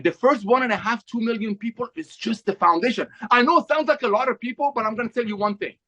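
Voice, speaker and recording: A high-voiced man delivers a fervent, rallying sales pitch, hammering the same phrases again and again. The sound is dull and lo-fi, as if over a video call. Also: fairly bright tone. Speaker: company co-founder speaking to members.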